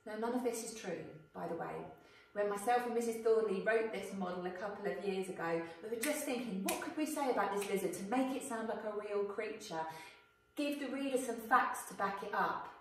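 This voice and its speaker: Woman, schoolteacher, clear explaining voice, asks pupils questions, roomy echo. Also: mid-range voice, far from the mic. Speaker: primary school teacher. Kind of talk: recorded video lesson. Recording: echoey room, voice off-mic.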